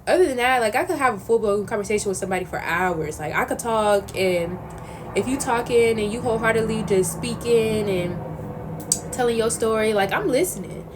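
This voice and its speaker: Animated young woman chatting casually. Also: a little high, normal speed, background noise. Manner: animated, slangy storytelling. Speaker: vlogger answering questions. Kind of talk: casual chat.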